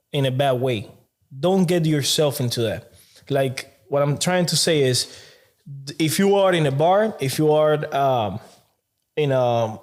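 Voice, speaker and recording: Male podcast co-host, halting and repetitive, slightly high voice. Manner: halting, repeats words, animated when telling stories. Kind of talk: casual podcast chat.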